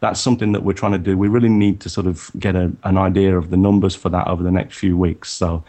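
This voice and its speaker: A man's voice: deep voice, level tone, quick pace, mellow. A man guesting on a photography podcast, talking casually about his upcoming tours with many restarts and fillers. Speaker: photography workshop leader, guest.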